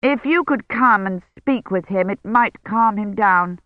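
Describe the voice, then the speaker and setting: A narrator voicing a brisk, dismissive older woman doctor on the telephone in an audiobook. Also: medium pitch, no room sound, narrow, tinny audio, voice pushed up, natural voice. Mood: concerned.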